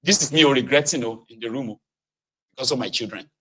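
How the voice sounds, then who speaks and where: A middle-aged man with a Nigerian accent talks straight to his viewers in a loose, animated monologue. He drops into Pidgin now and then. His pitch sits in a middle range. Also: fast talker. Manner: animated, acts out shouted scenes, Pidgin asides. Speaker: vlogger. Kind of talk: casual monologue commentary.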